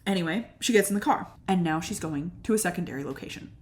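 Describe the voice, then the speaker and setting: A young woman hosting a comedic movie recap, animated and incredulous, laughing often as she tells the story. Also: lowish voice, quick pace, hardly any pauses. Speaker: video essay host.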